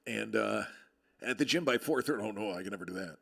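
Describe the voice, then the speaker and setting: Gravelly man with a projected radio voice. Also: lowish voice, quick pace, fairly bright tone. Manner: projected, radio-style delivery; jokey, chatty, reads out viewer comments. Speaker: live-stream host. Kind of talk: casual live-stream chat. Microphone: close desk microphone with level meter.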